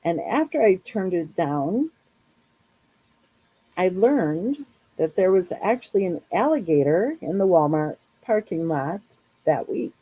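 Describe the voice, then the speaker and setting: A woman's voice: fairly low pitch, big pitch swings, slow pace, warm tone, slightly rough, poor audio. A woman hosting a casual live chat, talking in a chatty, rambling way with lots of fillers. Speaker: true crime channel host.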